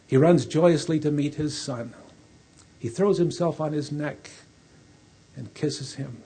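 Brief: male preacher, gravelly and unhurried, telling a sermon story vividly. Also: a little high, mellow. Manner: slow, vivid, dramatic retelling.

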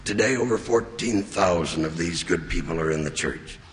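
A man giving an earnest, measured sermon as a church leader. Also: deep voice, slight background noise. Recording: long reverb of a large hall.

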